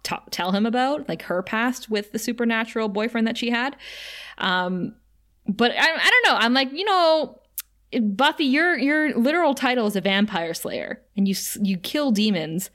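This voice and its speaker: A young woman talking casually on a podcast about a TV episode, with a voice of middling pitch. She is chatty and lively and quotes lines from the show. Her talk is quick and full of asides. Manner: chatty and animated, quoting characters with laughs. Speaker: podcast co-host recapping a TV episode. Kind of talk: casual chat.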